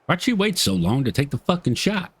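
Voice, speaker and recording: A man's voice: a little high, big pitch swings, brisk, husky, dry recording. A middle-aged man streaming a video game, making profane, wry asides. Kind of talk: casual gameplay commentary.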